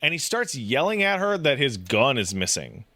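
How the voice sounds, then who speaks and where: Lively, animated man chatting casually. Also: mid-range voice, moderate pace, no echo. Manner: animated, profane, breaks into laughter and mock voices. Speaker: podcast co-host. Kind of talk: casual chat, retelling a video game story.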